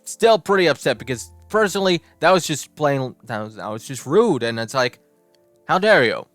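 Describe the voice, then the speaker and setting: A man's voice: medium pitch, big pitch swings, moderate pace, fairly bright tone, dry recording, soft background music. A young man telling a rambling personal story over gameplay, often stopping to correct himself mid-sentence. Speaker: gaming channel host.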